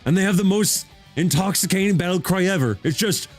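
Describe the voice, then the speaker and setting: A man's voice: high-pitched, expressive, a little fast, soft background music. A man streaming as a VTuber in a casual chat, talking with rambling enthusiasm and frequent restarts.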